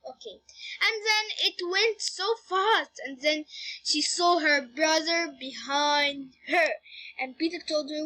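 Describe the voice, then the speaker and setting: A woman reading her own story aloud, halting and stopping to correct herself. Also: very high-pitched, expressive, sharp tone.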